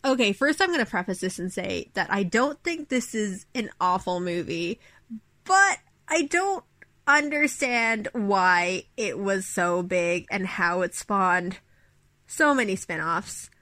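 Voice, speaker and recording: A woman's voice: mid-range voice, lively intonation, slow pace, bright, forceful tone, dry recording. A woman giving a casual, incredulous and laughing spoken review of a film. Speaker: listener sending a recorded review.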